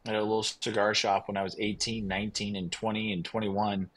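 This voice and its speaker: A man's voice: on the low side, fairly quick, low-quality recording. A man, a winery owner guest on a podcast, telling his story in a casual, enthusiastic, rambling way. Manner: enthusiastic, rambling, quotes others in lively bursts.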